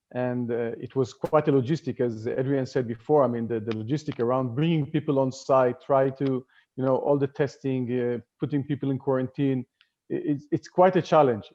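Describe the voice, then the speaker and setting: A man talks through a webinar panel discussion, stopping often to restart his sentences and fill the gaps. His voice sits at a middle pitch. The audio is dull and lo-fi, like a remote video call. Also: dark tone. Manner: halting, many fillers and restarts. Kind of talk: casual panel talk.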